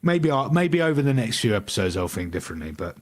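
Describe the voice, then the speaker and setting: A man's voice: mid-range voice, sing-song, fast. A man co-hosting a casual podcast review, often restarting his sentences. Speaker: podcast co-host.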